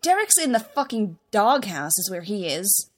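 A woman's voice: on the high side, sing-song, normal speed. A woman voicing a flustered, sarcastic teenage boy who snaps back defensively, in a spoken story reading. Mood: exasperated.

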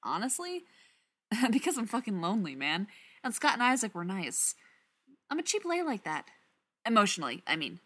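A woman voicing a chatty, sarcastic young man who talks in quick, rambling outbursts. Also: medium pitch, wildly swooping pitch, a bit bright. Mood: wry.

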